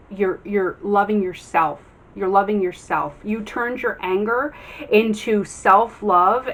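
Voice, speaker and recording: A woman giving a casual tarot reading to her viewers. She talks earnestly and encouragingly, with many ums and restarts. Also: mid-range voice. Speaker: tarot reader.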